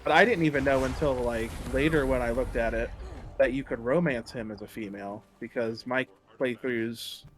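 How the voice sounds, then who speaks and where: A man's voice: medium pitch, normal speed, faint music behind. A man chatting casually while streaming a game, laid-back and musing, with a sarcastic streak. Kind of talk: casual gaming stream chat.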